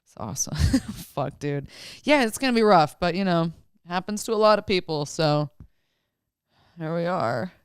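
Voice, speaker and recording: Woman comic guest, frank and foul-mouthed, smooth clear tone, close and dry. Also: on the low side, lively intonation, moderate pace, no echo. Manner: candid, profane storytelling. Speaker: stand-up comedian guest. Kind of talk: casual podcast chat.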